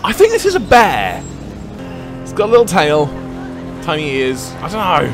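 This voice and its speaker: A man giving casual gameplay commentary into a desk microphone, excitable and chatty and laughing often. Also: a little high, moderate pace. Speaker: gaming video creator. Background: faint game music.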